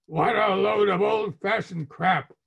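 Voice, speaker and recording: A man's voice: fairly high pitch, measured pace, warm tone. A man playing a snapping, irritated father. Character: irritated stingy father, gruff and scornful. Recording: muffled lo-fi recording.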